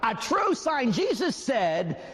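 A man, a priest, telling a story during a sermon in a lively, emphatic way. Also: very high-pitched, slow pace, slightly rough, in a large hall. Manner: animated storytelling, emphatic preaching. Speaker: Catholic priest.

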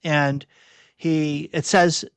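A man giving a reflective sermon as a preacher, often pausing and correcting himself as he searches for words. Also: a little high, level tone, creaky, clean tone, no echo.

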